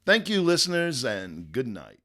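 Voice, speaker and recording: A man's voice: mid-range voice, normal speed, a little hiss or hum. A man hosting a casual podcast, jokey and chatty. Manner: jokey, animated. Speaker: podcast host.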